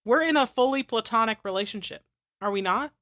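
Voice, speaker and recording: A woman's voice: on the high side, animated, fairly quick, a bit bright, no echo, clean studio sound. A young woman co-hosting a podcast, chatting casually and giggling often. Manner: giggly, upbeat. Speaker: podcast co-host. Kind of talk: casual chat.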